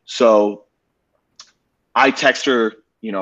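Lively low-voiced man telling a story. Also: moderate pace. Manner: animated, swears casually, acts out dialogue. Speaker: podcast co-host. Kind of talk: casual storytelling chat. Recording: dull lo-fi podcast audio.

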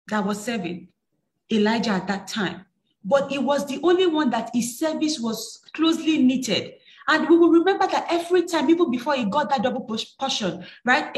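Woman preaching in an echoey church. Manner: rises to emphatic high bursts, scripture reading. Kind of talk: sermon.

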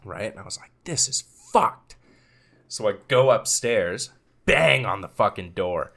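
A man co-hosting a podcast in casual chat, telling profane stories with acted-out quotes and loud laughter. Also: fairly low pitch, normal speed, gravelly. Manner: profane storytelling, acts out quotes, laughs loudly. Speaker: podcast co-host.

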